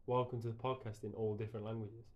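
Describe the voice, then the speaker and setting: A man's voice: fairly low pitch, flat delivery, fast talker, warm tone. A man from England co-hosting a podcast, laid-back in casual football talk, giving short replies and laughing easily. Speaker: podcast co-host.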